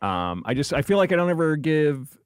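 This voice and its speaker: A man's voice: fairly high pitch, sing-song, a little fast, smooth, dry recording. Dry-sounding chatty podcast host, a man. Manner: chatty and joking, rambling with fillers. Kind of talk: casual chat. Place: comedy podcast studio. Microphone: studio mic with headphones.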